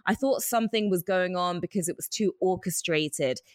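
A woman from England with an English accent that has picked up a slight American twang, co-hosting and chatting casually, quick to laugh. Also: lowish voice, no echo, studio quality. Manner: chatty, laughs often, animated storytelling. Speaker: podcast co-host reading news. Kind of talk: casual chat.

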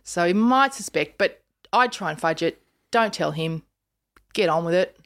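A woman's voice: fairly low pitch, moderate pace. A woman in her fifties with an Australian accent, hosting a podcast and telling stories in casual chat, acting out the voices of people in them. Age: 50s. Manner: animated storyteller, acts out voices in quotes. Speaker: podcast host.

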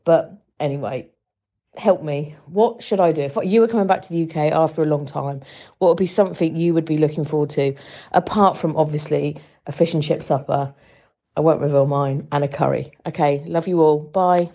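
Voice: mid-range voice, brisk, warm tone, highs cut off. A caller leaving a friendly, chatty voicemail for a podcast. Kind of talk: casual voicemail.

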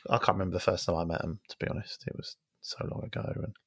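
A man's voice: low-pitched, flat delivery, quick pace, fairly bright tone, husky. A man co-hosting a casual football podcast, wry and self-mocking. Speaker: podcast co-host.

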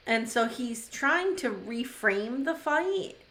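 A woman's voice: a little high, lively intonation, takes it slowly, pushed and bright. A woman co-hosting a podcast, giving opinionated, sympathetic commentary in casual chat. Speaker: podcast co-host.

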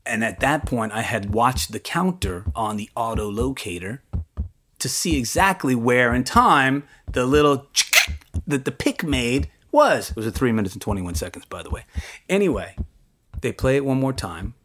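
A man casually recounting a story from his past, lively and acting out other people's voices. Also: mid-range voice, normal speed, slight background noise. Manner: animated, acts out the voices of others in his anecdotes. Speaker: interviewee recounting his studio career.

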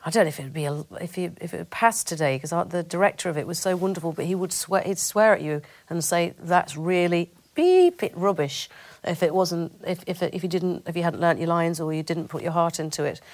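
A middle-aged woman with a northern English accent, an actress talking candidly in an interview, thoughtful and full of restarts. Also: on the low side. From Rochdale, northern England. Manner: thoughtful, with frequent restarts and hesitations.

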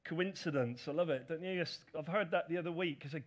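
Middle-aged pastor, high-pitched, casual and self-deprecating as he tells a story from the pulpit. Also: a little fast, hardly any pauses. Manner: chatty, self-deprecating storytelling with audience asides. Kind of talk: sermon with personal story.

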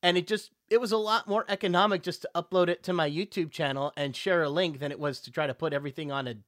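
A man who is a voice actor, a guest in a casual interview, telling animated stories and slipping into character voices. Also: a little high, fast talker, no echo, studio quality.

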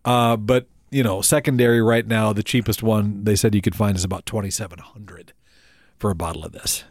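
A man's voice: lowish voice, steady tone, fairly quick, dry recording, studio quality. A man co-hosting a casual podcast chat. He laughs often and trails off with fillers. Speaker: podcast co-host.

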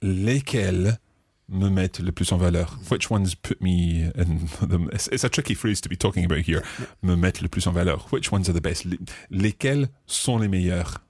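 A man teaching grammar on a podcast, talking it through slowly and spelling words letter by letter. His voice sits very low with a husky edge. The sound is dry and close to the mic. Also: a little mellow, dry recording. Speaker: language podcast co-host. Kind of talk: bilingual teaching chat.

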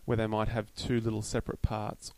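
A man, co-hosting an educational podcast, explaining in an earnest, halting way. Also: lowish voice, completely flat delivery, vocal fry, dark tone, no echo, rough recording. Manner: earnest, hesitant explaining with fillers. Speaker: podcast co-host. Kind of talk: casual educational chat.

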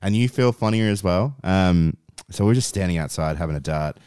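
A young Australian man with a very low voice, recorded close and dry. He chats in a relaxed way, breaking into easy laughter as he tells his story. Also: normal speed, clean tone, no echo. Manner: laid-back, laughs a lot. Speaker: podcast co-host. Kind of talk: casual chat.

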